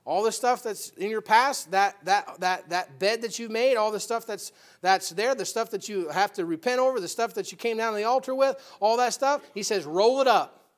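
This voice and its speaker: Male pastor, high voice, sermon delivery, rises to shouted urgency. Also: normal speed, few pauses. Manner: builds from quiet to loud exhortation.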